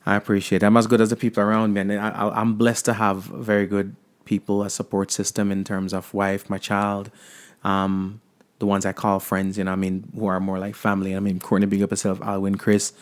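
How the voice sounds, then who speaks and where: A man from Jamaica hosting a podcast, in a relaxed, friendly casual interview chat. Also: on the low side, a little fast. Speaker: podcast host.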